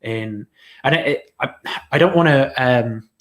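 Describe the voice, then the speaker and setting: Guy hosting a chat, normal pitch, thinks out loud, lots of ums and restarts. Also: a little slow. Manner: thoughtful, hesitant, many fillers and restarts. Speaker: interview host. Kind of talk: casual conversation.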